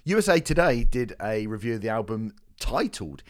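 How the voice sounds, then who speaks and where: A man's voice: fairly low pitch, very animated, normal speed, dry recording. A man co-hosting a podcast, reading reviews aloud with dry, sardonic asides and swearing. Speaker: podcast co-host.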